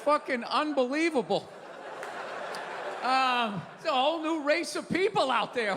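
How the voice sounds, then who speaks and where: An older man doing a stand-up comedy set, ranting loudly and profanely, often shouting his punchlines. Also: extremely high pitch, lively intonation, moderate pace. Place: large theater stage before a crowd. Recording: live hall reverb, loud crowd noise. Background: audience laughter and applause.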